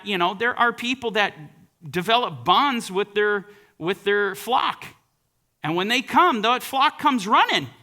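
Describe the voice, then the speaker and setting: Brief: emphatic male Bible teacher, high and bright voice, reads scripture aloud mid-sermon. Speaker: preacher.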